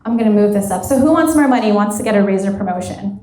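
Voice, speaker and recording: A woman's voice: mid-range voice, lively intonation, quick pace, warm tone. A woman in her thirties giving a live motivational workshop talk as a career coach, chatting casually with lots of "like" and acting out bits of dialogue. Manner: conversational, peppered with "like", acts out quoted dialogue. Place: event hall at a women's retreat. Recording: roomy echo of a live hall.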